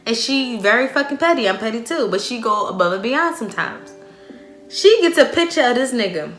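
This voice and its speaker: Young woman vlogger spilling a dramatic storytime, cussing a lot, bright voice, echoey room. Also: on the high side, sing-song, fairly quick, faint music behind. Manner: profane, slangy. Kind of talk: casual storytime.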